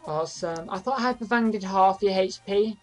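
A woman's voice: mid-range voice, normal speed, soft background music. A woman chatting playfully while playing through a video game with a friend, given to silly tangents. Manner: goofy, playful, makes random noises. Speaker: co-player in a game playthrough. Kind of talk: casual gaming chat.

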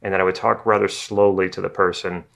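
Low-voiced man teaching NLP. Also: little pitch movement, gravelly, fairly bright tone. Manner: casual, conversational, repeats himself as he thinks; acts out slow and fast talkers. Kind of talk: explanatory video lesson.

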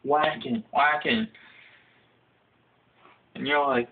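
A man's voice: measured pace, long pauses, slight background noise. Profane young man ranting over a tinny line. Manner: profane, acts out quotes in a high shouting voice. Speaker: comedic storyteller. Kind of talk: casual comedic rant. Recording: phone-like lo-fi audio.

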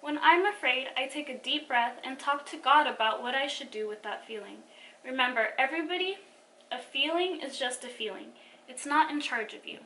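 A woman voicing a patient schoolteacher who calmly explains feelings to her class. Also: high voice, moderate pace, slight background noise, low-quality recording. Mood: instructive. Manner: clear, instructive.

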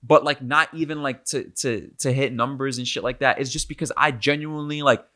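A man's voice: mid-range voice, fairly even intonation, fairly quick, bright, forceful tone. A young man, a podcast guest rambling casually in heavy slang. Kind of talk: casual chat.

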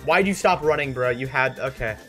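A man giving excitable, trash-talking commentary while playing an online football game, mocking himself and his teammates. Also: mid-range voice, a little fast, faint music behind. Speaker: gaming YouTuber. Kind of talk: live gameplay commentary.

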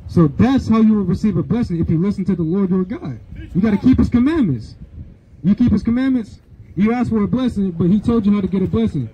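Street preacher, man, high voice and quick delivery, dull lo-fi outdoor recording. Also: animated, breathy edge. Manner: preachy, asks for verses and keeps saying "right?". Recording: dull lo-fi sound, faint outdoor noise.

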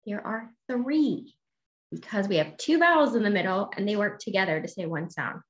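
A woman teaching a phonics lesson to young children, sounding out letters slowly and encouraging them to answer. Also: medium pitch, expressive. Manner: slow, drawn-out sounding of letters and words; encouraging, asks questions and waits. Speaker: kindergarten teacher. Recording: dull lo-fi audio with faint noise.

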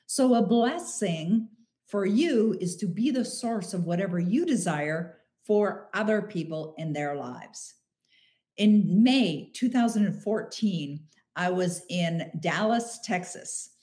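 A middle-aged woman with a fairly low voice hosts a motivational live stream, warmly answering listener questions. She is emphatic and slows down to stress key phrases.

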